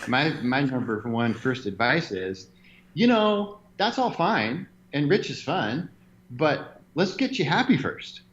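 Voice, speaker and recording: A man being interviewed, telling stories in an animated way and laughing now and then. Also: mid-range voice, slow pace, dull audio, a little hiss or hum. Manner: animated storyteller, laughs often. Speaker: interview guest, gym owner. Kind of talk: conversational interview.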